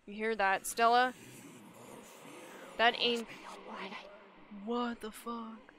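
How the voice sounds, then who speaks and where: Woman doing a gruff old farmer, loud and folksy. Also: on the high side, little pitch movement, extremely slow, a little hiss or hum. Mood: vengeful. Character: gruff older male farmer, protective and hot-tempered. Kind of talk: reading game dialogue aloud.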